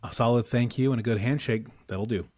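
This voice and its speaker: A man's voice: mid-range voice, fairly quick, a little mellow, no room sound. A man co-hosting a casual movie discussion podcast, playful and full of slang, laughing often. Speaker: podcast co-host.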